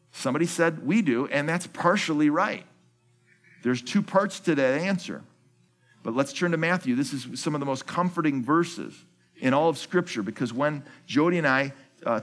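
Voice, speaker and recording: Man preaching with question-and-answer emphasis. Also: fairly high pitch. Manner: asks the congregation questions and answers them himself; repeats key phrases for emphasis. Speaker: founding pastor. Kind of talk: sermon.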